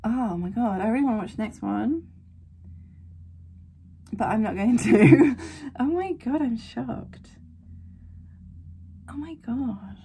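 A woman hosting a casual anime reaction, excitable and gasping, swinging between squeals and quiet murmurs. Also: on the high side, a little slow, pauses often, slight background noise. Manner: excitable, gasping, frequent exclamations. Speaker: anime reaction channel host.

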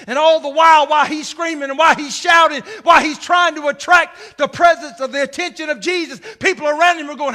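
Male pastor, very high bright voice, sermon, shouts then drops to near-whispers. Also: fairly even intonation, a little fast, hardly any pauses. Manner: swings from shouting to hushed asides.

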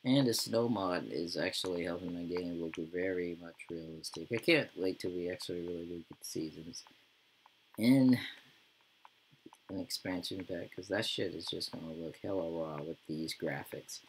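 Gaming YouTuber, man, low gravelly voice, loose profane slangy commentary. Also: moderate pace, a little hiss or hum, rough recording. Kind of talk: casual gameplay commentary.

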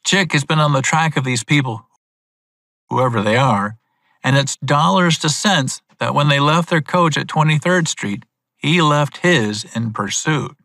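A man reading as a calm, stern male detective chief in a storybook, speaking in an icy, commanding way. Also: a little high, measured pace, no echo.

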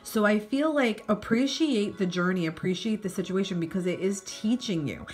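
A woman giving an earnest, rambling spiritual reading, repeating her questions and pausing with fillers. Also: medium pitch, lively intonation, soft background music. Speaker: tarot reader.

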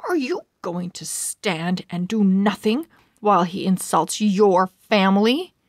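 A woman's voice: medium pitch, a little slow, a bit bright, no room sound, studio quality, lightly acted. A woman voicing a brash, mocking young male swordsman in a storybook read-aloud, with a sarcastic, teasing delivery. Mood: defiant.

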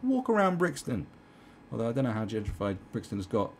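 A man's voice: medium pitch, huge pitch swings, fairly quick, slight background noise. A man giving crude, profane, rambling commentary in a ranting style. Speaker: online commentator.

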